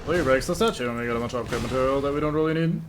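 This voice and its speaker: A man's voice: medium pitch, racing, noisy background. Man casually muttering over gameplay. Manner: joking, muttering to himself, swears freely. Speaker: gameplay commentator. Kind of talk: casual let's-play commentary.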